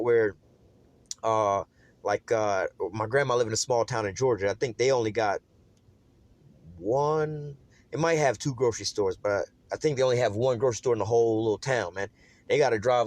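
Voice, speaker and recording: A Bible teacher moves briskly through scripture in an informal study, casual and streetwise, leaning on "man" and "all right" between thoughts. His middle-pitched, darkish voice sounds close and dry, in a dry recording.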